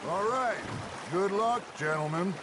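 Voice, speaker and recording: An actor playing a charismatic outlaw gang leader who reminisces fondly and with theatrical flair in a video game. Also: male voice, high voice, unhurried, heavy background noise.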